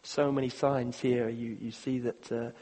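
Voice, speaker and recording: Husky man preaching in a reverberant hall. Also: medium pitch, level tone. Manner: earnest, halting, repeats words, swings from loud to hushed. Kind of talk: sermon. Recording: long reverb of a large hall.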